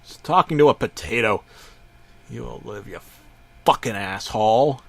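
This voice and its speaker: A man voicing a foul-mouthed, furious cartoon boy genius who yells curses. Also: fairly low pitch, animated, normal speed, gravelly, no echo. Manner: yelling curses.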